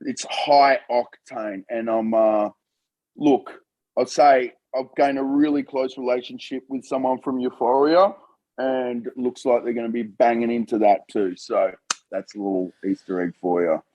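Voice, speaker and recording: Animated man telling stories. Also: mid-range voice, measured pace, poor audio. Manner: animated storyteller, laughing and calling people mate. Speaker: film director guest. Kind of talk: casual interview chat.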